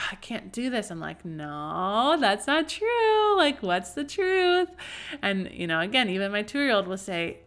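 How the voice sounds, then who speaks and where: A woman's voice: mid-range voice, a bit bright. A woman in her thirties hosting a faith-based parenting talk, earnest and conversational, with frequent asides. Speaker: podcast host.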